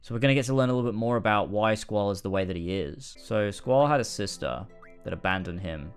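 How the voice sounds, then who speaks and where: Animated young male gaming streamer. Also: on the low side, fairly quick, clear, resonant tone, faint music behind. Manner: animated, swearing, excitable reactions. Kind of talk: casual let's-play commentary.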